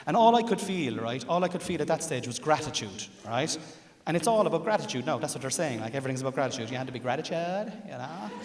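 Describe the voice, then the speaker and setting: Irish stand-up comic in an echoing theatre. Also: male voice, on the high side, big pitch swings, fast, hardly any pauses. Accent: Irish, Cork. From Ireland. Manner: confiding, building to loud punchlines. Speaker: stand-up comedian. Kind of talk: stand-up storytelling. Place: large theatre stage with audience. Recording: roomy theatre reverb with audience.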